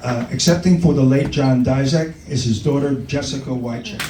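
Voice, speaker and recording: A man's voice: medium pitch, moderate pace. A man presenting at an awards ceremony, reading out who accepts each award and welcoming them to the podium. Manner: reads names and welcomes people up. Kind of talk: formal announcing at a podium. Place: large event hall. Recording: echoey hall from far off with loud noise.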